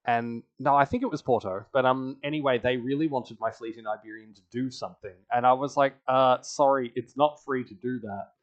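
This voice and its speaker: A man's voice: medium pitch, fairly even intonation, a little fast, few pauses, lo-fi sound. A man casually recapping an online strategy game, laughing often and acting out the other players' lines. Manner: chatty, laughs often, acts out quoted players. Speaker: podcast host.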